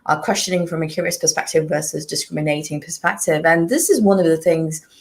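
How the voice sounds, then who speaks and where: A woman's voice: low-pitched, fairly quick. A woman hosting a podcast discussion, talking earnestly and repeating points for emphasis. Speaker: podcast host. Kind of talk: casual discussion.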